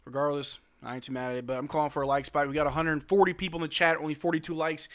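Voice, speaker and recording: A man hosting a casual live watch-along of a game, calling the play-by-play, reading chat questions aloud and answering them, with loud excited outbursts at big plays. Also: on the high side, rapid-fire, hardly any pauses. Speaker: livestream host doing play-by-play.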